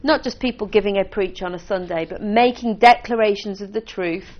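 A church leader gives a casual teaching talk to a small group, her medium-pitched voice moving briskly. She speaks conversationally, often restarting her sentences and slipping in light laughs. The recording is lo-fi.

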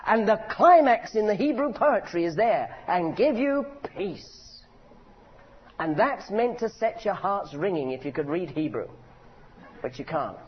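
A man's voice: high voice, moderate pace, husky, dull audio. A man preaching a sermon in a church meeting, telling stories with humor. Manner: animated, humorous storytelling.

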